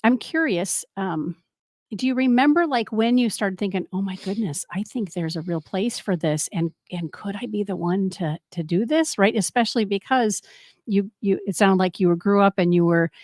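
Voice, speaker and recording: A woman's voice: mid-range voice, moderate pace, a little mellow, dry recording, studio quality. A woman hosting a radio interview, asking searching questions with many restarts. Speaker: radio show host. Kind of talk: interview conversation.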